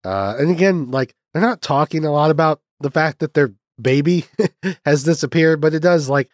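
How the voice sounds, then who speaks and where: A man's voice: a little high, animated, moderate pace, no room sound, clean studio sound. A man casually reviewing a film, rambling with lots of fillers and restarts and the odd swear word.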